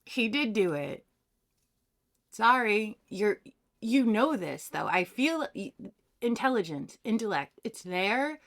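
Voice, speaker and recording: At an unhurried pace and medium pitch, a woman gives a pick-a-card tarot reading. She chats casually and with animation, sharing a story from her own life.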